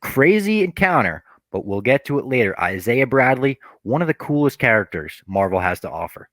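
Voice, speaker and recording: A man co-hosting a casual podcast, retelling a TV episode in a lively way and briefly acting out the characters' lines. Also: medium pitch, normal speed, no echo. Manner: animated retelling, acts out quoted characters. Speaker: podcast co-host.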